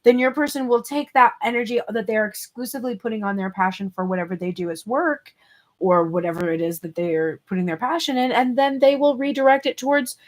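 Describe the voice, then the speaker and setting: Woman doing a tarot reading, chatty, thinks out loud, gets all excited and emphatic sometimes. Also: a little high, brisk. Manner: casual, thinking aloud with fillers and restarts. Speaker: tarot reader.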